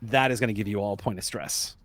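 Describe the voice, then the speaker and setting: A man's voice: lowish voice, fast. A man narrating and explaining rules as game master of a tabletop horror game.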